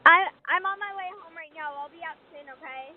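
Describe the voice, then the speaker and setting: A woman's voice: sits high, a little fast, phone-quality sound. A woman talking through a doorbell camera's speaker, urgently soothing a frightened child and repeating that she is almost home. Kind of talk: reassuring a scared child over a doorbell speaker.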